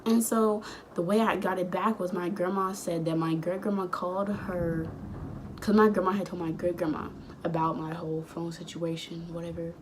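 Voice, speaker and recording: Animated teen girl telling a story. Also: moderate pace, noisy background. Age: late teens. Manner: animated, rambling storytelling with sudden high outbursts; acts out quoted dialogue. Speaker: vlogger. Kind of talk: casual storytime.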